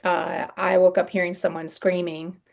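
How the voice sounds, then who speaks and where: A middle-aged woman speaking candidly in a podcast interview, halting and earnest, with frequent ums and soft sighs. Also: fairly low pitch, level tone, vocal fry. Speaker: guest sharing her story.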